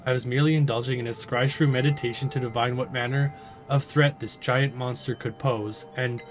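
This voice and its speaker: A man's voice: medium pitch, fairly even intonation, brisk, faint music behind, close to an everyday voice. A jittery, prim village mayor woman who keeps insisting all is fine, as a man voices her. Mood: flustered. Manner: fussy, polite, nervously reassuring. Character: flustered, nervous female village mayor and seer.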